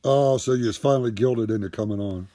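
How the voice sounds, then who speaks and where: A man's voice: medium pitch, quick pace, dark tone. A man from Ohio hosting his live stream and joking and teasing his guests in casual chat. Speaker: streamer, truck driver.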